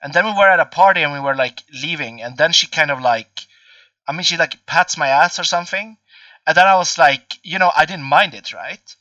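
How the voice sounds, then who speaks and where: A man's voice: fairly high pitch, fairly quick, pushed and bright, no room sound, distant mic, dull audio. A man in his twenties chatting casually as a podcast host, rambling and swearing with many fillers. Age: 20s. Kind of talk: casual chat.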